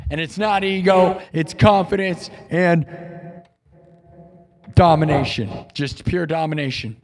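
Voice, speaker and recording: A male live streamer giving a boastful, repetitive pep talk to his chat. He swings between loud declarations and quiet musing. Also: a little high, unhurried, pauses often. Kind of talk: livestream sign-off pep talk.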